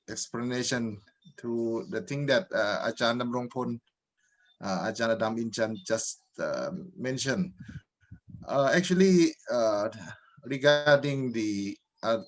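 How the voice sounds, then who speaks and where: Polite, slow-speaking Thai man. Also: medium pitch. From northeastern Thailand. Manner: polite, hesitant, many fillers. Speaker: guest lecturer. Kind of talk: panel discussion.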